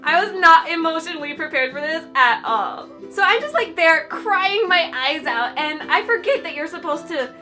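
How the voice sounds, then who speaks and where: A young woman tells a storytime to her viewers in a gushing, chatty way, full of fillers. Her voice is very high and bright. Faint ukulele music plays underneath. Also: animated, moderate pace, hardly any pauses. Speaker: YouTuber. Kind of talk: storytime vlog. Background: light ukulele music.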